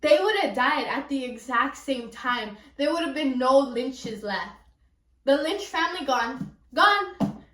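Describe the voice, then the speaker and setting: High-voiced Californian girl gushing about books. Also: animated, unhurried, a bit bright. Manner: gushing, rambling, lots of "like" and "um". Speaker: book vlogger. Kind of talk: casual book review chat. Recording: echoey room, a little far from the mic.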